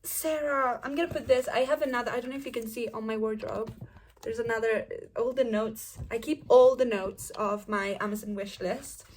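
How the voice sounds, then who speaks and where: A young woman, gushing excitedly about new books in a casual vlog. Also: fairly high pitch, moderate pace, slight background noise. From Italy. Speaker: book vlogger. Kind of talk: casual book haul chat.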